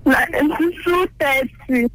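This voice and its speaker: A woman's voice: high-pitched, slow pace, a bit bright, dry recording, poor audio. A woman calling in to a radio quiz, answering politely and addressing the host as ma'am. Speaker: caller. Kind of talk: spelling on a call-in quiz.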